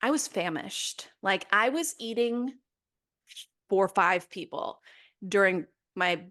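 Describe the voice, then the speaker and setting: A woman's voice: mid-range voice, takes it slowly, fairly bright tone. Slightly winded woman in her late thirties. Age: 30s. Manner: candid, enthusiastic. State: slightly out of breath, pregnant. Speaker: podcast co-host. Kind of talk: casual chat.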